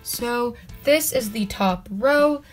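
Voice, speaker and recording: Young woman vlogging at home, chatty and upbeat, a bit high voice, faint music under it. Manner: chatty, upbeat, quick asides. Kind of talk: casual vlog chat. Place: indoors at home.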